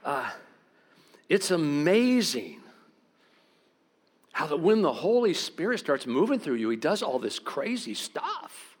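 A middle-aged pastor, preaching a sermon through stories, swinging between loud outbursts and quiet, intense moments. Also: male voice, a little high, big pitch swings, takes it slowly, pauses often. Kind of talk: sermon with storytelling.

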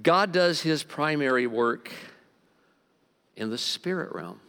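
A man's voice: on the high side, expressive, slow, a bit bright, clear, resonant tone. A male pastor delivering a conversational, emphatic sermon with asides to his congregation. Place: church hall. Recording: long reverb of a large hall.

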